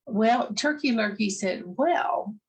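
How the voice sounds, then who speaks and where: A woman telling a children's fairy tale in a casual, gentle way, pausing often with "uh". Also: lowish voice, low-quality recording. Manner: gentle, many "uh" pauses. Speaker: storyteller. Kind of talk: casual storytelling, reading a fairy tale aloud.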